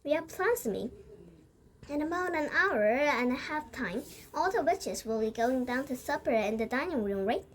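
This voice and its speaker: A woman reading a storybook aloud and voicing a calm, determined old grandmother who speaks steadily and patiently. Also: high-pitched, moderate pace. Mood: scheming.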